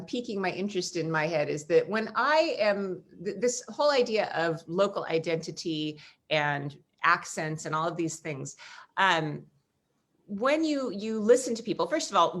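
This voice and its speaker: A woman from Los Angeles with a General American accent, hosting a casual video-call chat and asking curious questions. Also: on the low side. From Los Angeles, USA. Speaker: host.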